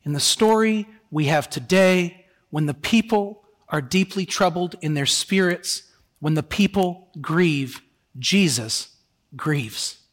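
A male pastor delivers a sermon in a high, expressive voice. He drops soft and slow on solemn words and rises on rhetorical questions to the congregation. His voice carries a long reverb through the church sanctuary.

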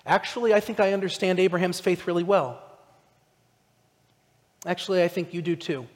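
A male pastor giving a conversational, animated sermon, asking his listeners direct questions. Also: sits high, moderate pace, long reverb tail.

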